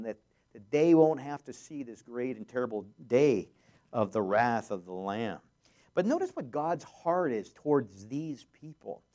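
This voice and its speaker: A man in the middle of a sermon, working verse by verse through scripture. His voice sits at an ordinary middle pitch, and he swells loudly on the readings before dropping back to a relaxed teaching tone with plenty of "uh"s. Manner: reads scripture aloud with rising force, jokes lightly, many fillers. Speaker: pastor.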